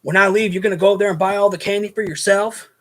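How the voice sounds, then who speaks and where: A pushy, rude hotel guest voiced by a man retelling a story whines for favors in a slangy, wheedling drawl. The voice sits noticeably higher than the storyteller's own and leans in with a needling, entitled tone. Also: fairly even intonation, quick pace, fairly bright tone. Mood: taunting. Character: pushy rude male hotel guest pestering the night clerk.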